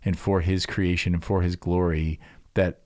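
A man's voice: deep voice, little pitch movement, moderate pace, a little mellow, no echo, clean studio sound. A man co-hosting a church podcast, talking earnestly with frequent fillers and restarts. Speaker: pastor co-host.

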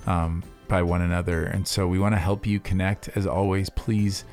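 A man's voice: low voice, little pitch movement, normal speed, a little mellow, faint music behind. A man co-hosting a church podcast, talking earnestly with frequent fillers and restarts. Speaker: pastor co-host.

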